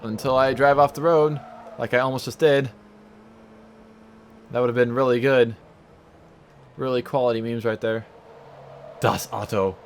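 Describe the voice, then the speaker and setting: A man's voice: mid-range voice, fairly even intonation, normal speed, long pauses, slight background noise. A man giving casual, rambling, self-mocking commentary while playing a racing game from home. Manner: rambling, self-mocking, sings silly stutters. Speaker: let's play gamer.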